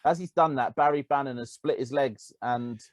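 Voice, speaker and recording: A man's voice: mid-range voice, moderate pace, no room sound, low-quality recording. A man co-hosting a casual football podcast, telling stories animatedly. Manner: animated storytelling, laughing. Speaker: podcast co-host.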